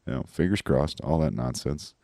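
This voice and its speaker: Man, podcast host, rambling, very deep voice, mellow tone. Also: normal speed, creaky, dry recording, clean studio sound. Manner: rambling, loose, with many fillers. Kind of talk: casual show wrap-up.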